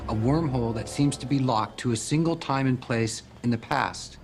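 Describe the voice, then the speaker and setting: A composed corporate scientist, explaining a discovery calmly and precisely in a mid-range voice with no rush. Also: male voice, mid-range voice, normal speed, slightly rough.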